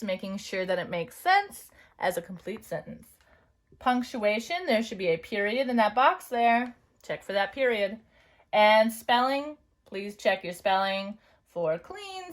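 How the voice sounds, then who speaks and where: A woman teacher leads an online phonics and dictation lesson at a notably slow, unhurried pace. Her pitch sits in an ordinary middle range. She stretches out each word and checks in with "right?" and "okay?". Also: very animated.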